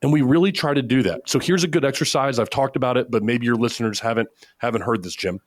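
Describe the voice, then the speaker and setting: A fast-talking man with a mid-range voice appears as a podcast guest; he founded a media company. In a casual chat, he gives confident coaching advice and acts out examples.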